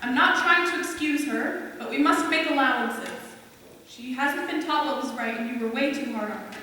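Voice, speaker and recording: A young stage actor playing a stern, brisk spinster farm woman who speaks in curt commands in a school musical. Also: sits high, sharp tone, slight background noise. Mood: firm. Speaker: student actor. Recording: echoey hall from far off, music behind.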